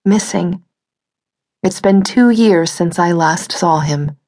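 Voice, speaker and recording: A woman narrating a suspense novel audiobook in a measured, dramatic reading style. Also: fairly low pitch, a little mellow.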